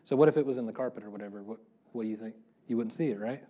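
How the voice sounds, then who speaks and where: Before a congregation in a church room, a male pastor gives a relaxed sermon full of questions for the people and frequent laughter. His voice sits on the low side, warm in tone, and he talks at a rapid-fire clip.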